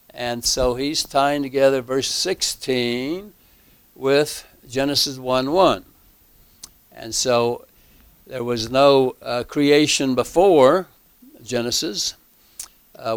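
A man teaching a Bible class, slow and halting, with many fillers and emphatic repeats. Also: mid-range voice, clean tone, no room sound. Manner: emphatic repetition.

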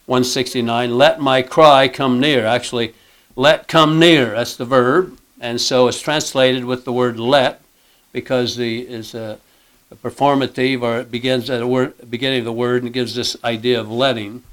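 Halting man teaching scripture. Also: mid-range voice, fairly bright tone, poor audio. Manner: halting, many fillers and throat clearing; reads scripture aloud with emphasis. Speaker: Bible teacher. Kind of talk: verse-by-verse Bible teaching.

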